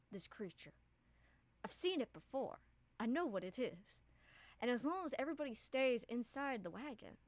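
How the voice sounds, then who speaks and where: A woman's voice: fairly high pitch, no room sound. Woman doing a brash, stubborn creature guide. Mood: dismissive. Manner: boastful, pushy.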